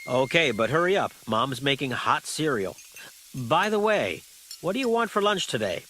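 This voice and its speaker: A man playing a friendly family father in a scripted textbook dialogue, with a slightly husky voice and cheerful manner. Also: medium pitch, big pitch swings, normal speed, a bit bright, slight background noise. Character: friendly family dad, middle-aged.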